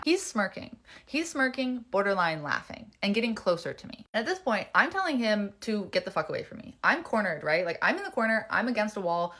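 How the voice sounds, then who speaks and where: A woman's voice: mid-range voice, very animated, brisk, bright, forceful tone. Woman heatedly retelling a story. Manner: heated, emphatic retelling with swearing. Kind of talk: casual storytime to camera.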